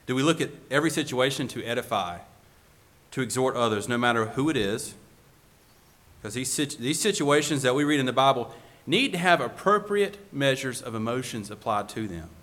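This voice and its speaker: A man's voice: mid-range voice, lively intonation, brisk, a bit bright. A male preacher giving a sermon, asking the congregation one rhetorical question after another.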